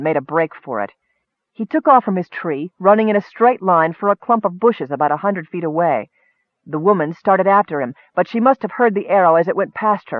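A man reading a fantasy story aloud in a steady, measured way. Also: on the high side, no room sound. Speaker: audiobook narrator. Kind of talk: scripted fantasy narration. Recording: dry tinny phone-like audio.

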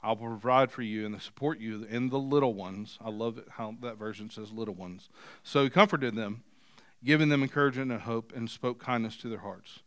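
A male pastor preaching a sermon, moving from quiet scripture reading to loud, emphatic points. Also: medium pitch, normal speed, no room sound, clean studio sound. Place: church.

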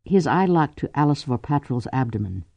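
Male narrator, measured dramatic read, warm and dry. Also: mid-range voice, very animated, vocal fry, dry recording. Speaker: audiobook narrator. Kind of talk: scripted narration.

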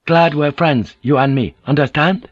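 A man's voice: a little high, moderate pace, no room sound, pitched above the performer's own voice, lightly acted. A man voicing a tense, stern male samurai officer who speaks in a clipped, insistent way. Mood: friendly. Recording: dull lo-fi audiobook recording.

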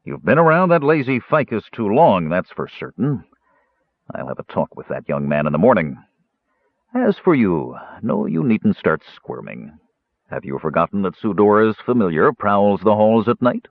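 A man voicing a stern, measured male mage who speaks coolly and with authority, on a tinny, dry recording. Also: on the low side, big pitch swings, no room sound. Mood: scolding. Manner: cool, deliberate, authoritative.

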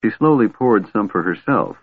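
Low, husky male audiobook narrator. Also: no room sound. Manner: measured, steady reading. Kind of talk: scripted narration. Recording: tinny phone-like band, dry.

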